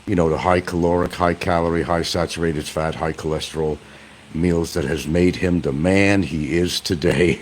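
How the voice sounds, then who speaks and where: A man's voice: sits low, measured pace, a little hiss or hum. A man hosting a stream, giving casual, sarcastic commentary and taunting the person he talks about from an indoor room. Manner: sarcastic and taunting, addressing his target as "son". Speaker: stream host.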